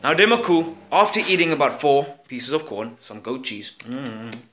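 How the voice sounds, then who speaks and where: Brash South African guy with a bright voice. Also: mid-range voice, moderate pace, a little hiss or hum. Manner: animated, profane, slangy, acts out characters with sound effects. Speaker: vlogger. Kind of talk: casual storytelling vlog. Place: room at home.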